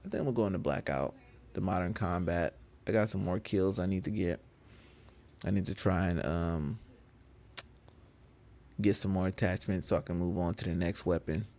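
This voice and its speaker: A man chatting casually with viewers on a gaming live stream, laughing often and getting animated when he rants. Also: low-pitched, gravelly. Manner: laid-back, laughs often, gets animated when ranting.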